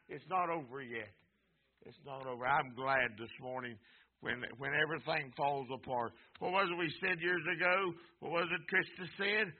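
A man preaching a sermon as pastor, rising to loud cries and dropping to quiet asides, repeating his phrases. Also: high-pitched. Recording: tinny phone-like sound.

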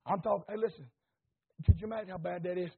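A man preaching an impassioned sermon, repeating phrases, asking the congregation questions and rising to shouts. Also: high-pitched, fairly even intonation, fast, vocal fry, slightly rough. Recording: tinny phone-like recording.

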